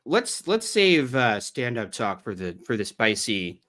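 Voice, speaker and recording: A man's voice: mid-range voice, very animated, measured pace, fairly bright tone. A man with an Ohio accent giving sarcastic, mocking livestream commentary on an article he reads aloud. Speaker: streamer.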